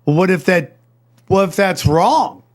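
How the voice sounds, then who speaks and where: A man's voice: sits high, lively intonation, unhurried. A man hosting a podcast in casual chat, joking and swearing as he plugs tour dates. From United States. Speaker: podcast host.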